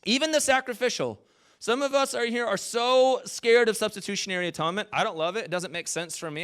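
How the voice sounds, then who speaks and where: Male pastor, informal sermon, animated and playful with the room, slightly high voice. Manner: animated, jokey, talks with the congregation. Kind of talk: conversational sermon.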